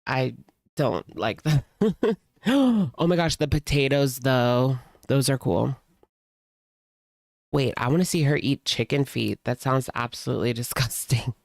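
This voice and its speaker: A woman's voice: very deep voice, expressive, measured pace, gravelly, a little mellow, no room sound. A woman hosting casual reaction commentary, chatty and sarcastic, leaning on "like" as she talks close to the mic at home. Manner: sarcastic, chatty, heavy use of "like". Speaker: commentary host.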